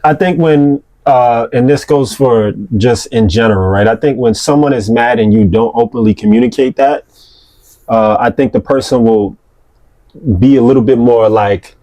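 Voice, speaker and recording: A young man co-hosting a casual talk with his partner. He speaks in a relaxed, halting way, full of pauses and fillers. His voice sits at an ordinary middle pitch for a man. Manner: easygoing, halting, many fillers. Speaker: co-host, partner. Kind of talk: casual couple's chat.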